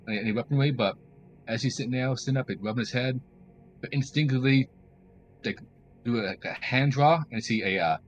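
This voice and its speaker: A man casually describing his game character in a relaxed, hesitant way with many fillers. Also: medium pitch, lo-fi sound. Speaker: player.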